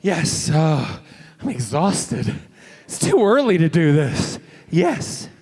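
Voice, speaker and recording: Brief: male convention guest, animated storyteller, slightly high voice, acts out quotes. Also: slow, husky. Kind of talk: lively anecdotal Q&A storytelling. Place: convention panel room.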